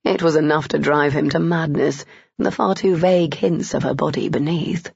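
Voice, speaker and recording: A woman reading a romance novel aloud as an audiobook narrator, steady and even. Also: low voice, normal speed, vocal fry, slightly rough, no echo. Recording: dull, dry, lo-fi.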